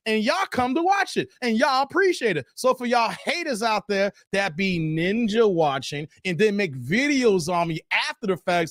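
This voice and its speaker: Animated high-voiced man hosting a live stream. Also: no room sound, studio quality. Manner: loose and animated, drops "man" often, answers chat comments; brash and defiant toward critics. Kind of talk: casual live-stream chat with viewers.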